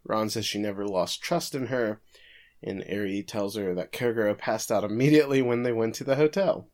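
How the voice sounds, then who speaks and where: A man's voice: on the low side, moderate pace, darkish tone. A man co-hosting a podcast, casually recapping an anime episode with frequent chuckles. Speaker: podcast co-host.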